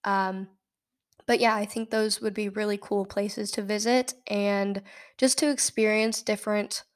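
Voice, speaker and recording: A nineteen-year-old woman from Nebraska, telling a story in a casual, animated way and often laughing. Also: mid-range voice, measured pace. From Nebraska, United States. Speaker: podcast host.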